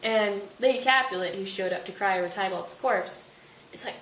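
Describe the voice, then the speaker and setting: A woman's voice: mid-range voice, fairly bright tone. Young woman, student presenter, casual retelling, distant mic, light hiss. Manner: breezy, slangy retelling with quick quoted asides. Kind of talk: casual study summary of a play. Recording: echoey room, off-mic, faint hiss.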